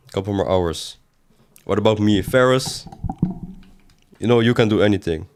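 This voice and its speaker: A man's voice: lowish voice, normal speed, darkish tone. A man doing casual livestream commentary as a game streamer, reading chat aloud and answering it in a rambling way with sudden exasperated outbursts.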